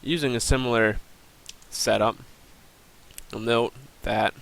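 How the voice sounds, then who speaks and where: A man's voice: mid-range voice, steady tone, slow pace, gravelly, a bit bright, low-quality recording. A young man giving a recorded class presentation, plainly explaining and walking through a screen demo with the odd um and uh. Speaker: student presenter.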